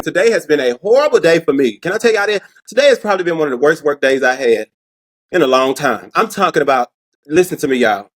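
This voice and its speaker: Animated man hosting a chat show. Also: fairly high pitch. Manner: animated, laughing, repeats words often. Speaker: show host. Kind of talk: casual commentary vlog.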